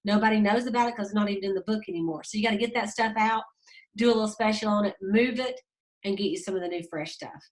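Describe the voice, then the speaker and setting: A woman, leading a sales team and giving a casual, fast, chatty training talk aimed straight at her listeners. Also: mid-range voice. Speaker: direct sales team leader.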